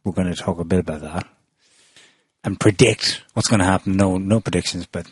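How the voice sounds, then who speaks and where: A man's voice: low-pitched, steady tone, moderate pace, breathy edge, no room sound. A man hosting a casual panel discussion, chatty with frequent ums and restarts. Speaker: podcast host.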